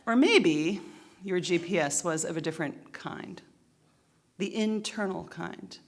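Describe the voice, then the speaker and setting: A middle-aged woman pastor reads scripture and then preaches in a low, expressive voice. She uses dramatic pauses and lets key phrases land. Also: a little hiss or hum. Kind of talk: scripture reading and sermon. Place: church sanctuary.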